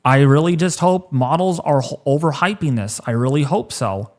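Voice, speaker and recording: Man in his 30s, slightly high voice, emotional livestream host, halting, repeats himself. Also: expressive.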